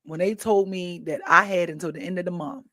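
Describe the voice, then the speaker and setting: A woman hosting a podcast, talking in a chatty, animated storytelling way with asides to her listeners. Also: on the low side, fairly quick, no room sound. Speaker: podcast host. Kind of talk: casual monologue.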